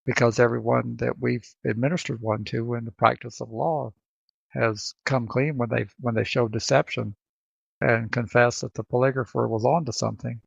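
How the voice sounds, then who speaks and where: A man with a Southern accent co-hosting a podcast, talking in a halting way and often repeating words as he thinks. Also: mid-range voice, fairly even intonation, gravelly, husky, no echo. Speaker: co-host. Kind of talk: casual podcast chat. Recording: dry, dull lo-fi sound.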